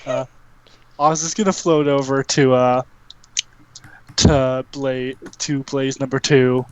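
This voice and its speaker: A speaker narrating a tabletop game in a halting way with many fillers. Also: mid-range voice, steady tone, smooth. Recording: dull lo-fi recording.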